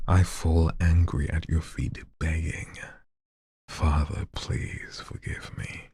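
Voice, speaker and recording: A man hosting a live show, reading submitted poems in a soft near-whisper and chatting loosely between them. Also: very deep voice, takes it slowly. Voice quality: husky, breathy. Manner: reads softly in a near-whisper, then chats loosely with slang. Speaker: host reading listener submissions. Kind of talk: live poetry reading with casual commentary.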